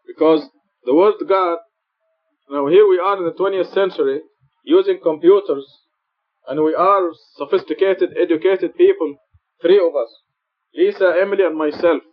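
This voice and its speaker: A man gives an earnest sermon in a mosque, stressing his points by repeating them. His voice sits a little high for a man. The recording is muffled and lo-fi. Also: normal speed. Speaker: preacher teaching Quran study. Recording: dull lo-fi recording.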